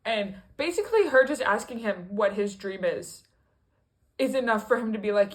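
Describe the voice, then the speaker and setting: A woman's voice: medium pitch, animated, normal speed. A woman talking through a musical in a casual review vlog, rambling and chatty with lots of fillers, restarts and playful asides. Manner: rambling and chatty, with frequent fillers and self-corrections. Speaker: video creator.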